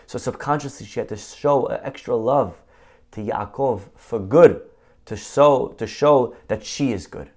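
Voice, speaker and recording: A rabbi gives a casual, conversational Torah class, full of rhetorical questions. His voice sits at an ordinary middle pitch for a man. He often quotes Hebrew sources mid-sentence. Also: unhurried, darkish tone. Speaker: rabbi teaching.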